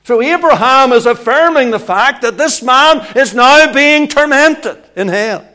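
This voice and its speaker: A man preaching a sermon, emphatic and repetitive, swinging from hushed passages to loud ones. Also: very high-pitched, lively intonation, a little slow.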